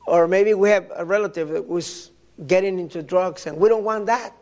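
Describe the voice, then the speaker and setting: An older man from Mexico preaching a sermon, telling personal stories in a halting way and often repeating his words. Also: sits high, darkish tone.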